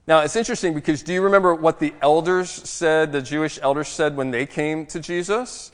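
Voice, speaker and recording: A man gives a sermon in a lively, conversational way, with the occasional self-deprecating aside. His voice sits a little high for a man, and a long reverb trails every phrase in the church sanctuary. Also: normal speed. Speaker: pastor.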